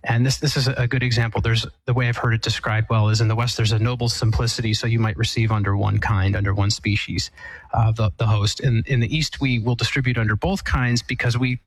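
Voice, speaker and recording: A man's voice: mid-range voice, steady tone, brisk, husky, no room sound, low-quality recording. A man, an Eastern Catholic priest, answering a caller's question in an earnest, thoughtful way, often restarting his sentences. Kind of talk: explanatory call-in answer.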